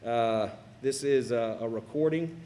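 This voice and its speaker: Middle-aged man, halting and emotional, everyday mid-pitch voice. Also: warm tone. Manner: halting, choked up. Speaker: parent giving a speech. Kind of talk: emotional tribute speech. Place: school cafeteria.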